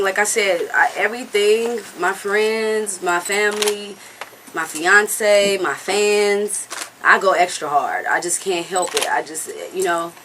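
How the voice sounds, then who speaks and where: A singer answers interview questions candidly and casually, her lowish voice bright and forceful. The recording is rough with slight background noise. Earnest and blunt, she swears now and then and rambles, frequently checking in with the listener by saying "you know what I'm saying."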